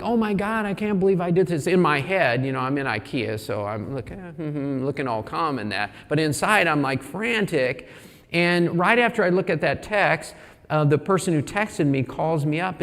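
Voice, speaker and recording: Guy sharing a personal story at a church service, mid voice, big echoey sanctuary. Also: medium pitch. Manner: candid, self-deprecating storytelling with animated quoted inner thoughts. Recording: long hall reverb in a church.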